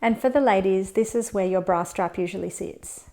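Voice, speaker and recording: A woman teaches a tapping routine step by step. Her voice sits at a middle pitch, and she keeps a calm, gentle, measured pace of instruction. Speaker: tapping coach.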